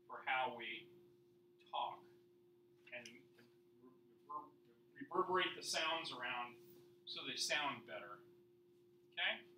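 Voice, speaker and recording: A man's voice: a little high, bright, forceful tone. A male instructor giving a casual classroom lecture, joking and quizzing his students as he goes. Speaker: college instructor. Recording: echoey classroom from far off, faint hum.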